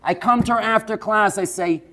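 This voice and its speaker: A male teacher lecturing students. He tells lively stories, laughs as he goes and keeps checking in with "yes?". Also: sits high, moderate pace. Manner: laughs while telling stories.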